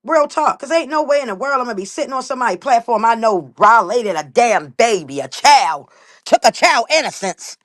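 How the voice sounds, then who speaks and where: A woman's voice: fairly high pitch, animated, a little fast. A woman hosting a livestream, talking bluntly and emphatically in a heated, profane rant. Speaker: livestream host.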